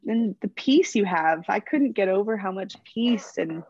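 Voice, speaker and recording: A young woman athlete being interviewed, chatting warmly and gushing, getting emotional as she talks about her faith. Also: medium pitch, expressive, unhurried, breathy edge, no echo, lo-fi sound. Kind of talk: casual interview.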